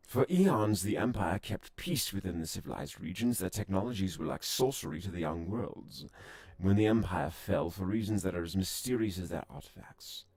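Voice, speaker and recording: A man voicing a proud, wary alien envoy from a space game, reading its lines in a formal, measured way. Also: sits low, gravelly, darkish tone, husky, dry recording, full character voice. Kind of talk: reading game dialogue aloud.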